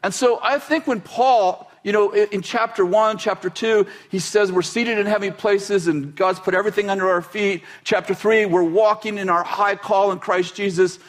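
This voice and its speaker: High-voiced man preaching casually. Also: normal speed, hardly any pauses. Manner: conversational, animated preaching with quoted voices. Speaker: pastor. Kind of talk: sermon.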